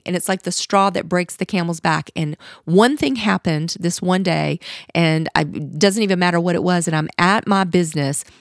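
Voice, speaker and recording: A woman's voice: on the low side, vocal fry, no room sound, studio quality. A middle-aged woman hosting a podcast, telling her personal faith testimony in an earnest, confessional way. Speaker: podcast host.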